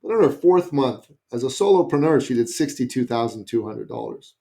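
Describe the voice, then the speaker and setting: A middle-aged man from Canada, a guest on a podcast interview, telling a story in an animated way. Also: medium pitch, brisk. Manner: animated, acts out quoted voices.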